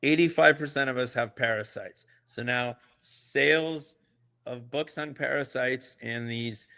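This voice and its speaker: Middle-aged male doctor co-host, gravelly and bright, blunt and emphatic, casual podcast chat. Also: medium pitch, measured pace. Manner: blunt, emphatic, frequent "okay?" check-ins.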